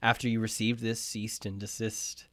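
A man interviewing a guest in an improvised comedy piece, deadpan and probing, with hesitations, on a studio microphone. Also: fairly low pitch, moderate pace, slight background noise.

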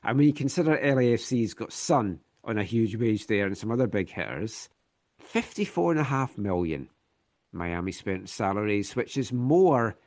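A man hosting a sports podcast, running through club news in a steady, informative way with a touch of wry humour. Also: on the low side, normal speed. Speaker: podcast host. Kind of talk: casual sports news rundown.

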